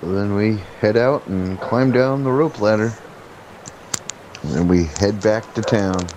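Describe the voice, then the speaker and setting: Player: a low-voiced man, casual and halting. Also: background noise. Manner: halting, with fillers and restarts. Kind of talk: casual chat in a tabletop game.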